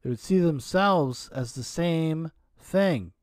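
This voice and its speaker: A man's voice: fairly high pitch, expressive, takes it slowly, darkish tone, no echo, clean studio sound. A man hosting a reaction video, giving blunt, mocking commentary and swearing freely. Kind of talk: crude sarcastic commentary.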